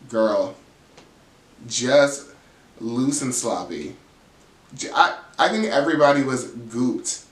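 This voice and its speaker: Male recap host, mid-pitched, animated gossip storyteller who swears and mimics the cast; roomy echo on the track. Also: unhurried, long pauses. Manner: animated storytelling, jumps into high voices quoting the cast, laughs often; swears freely.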